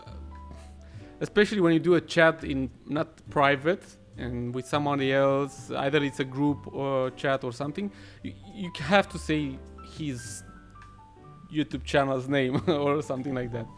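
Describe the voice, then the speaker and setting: A man's voice: medium pitch, moderate pace. A man co-hosting a podcast, chatting casually and hesitantly, thinking aloud with many fillers. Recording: faint music behind.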